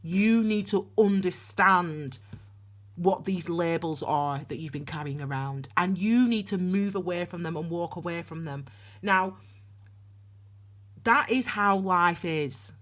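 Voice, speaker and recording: Speaking slowly in a voice on the low side yet a bit bright, the tarot reader rambles chattily through a casual reading, with frequent restarts and voiced asides.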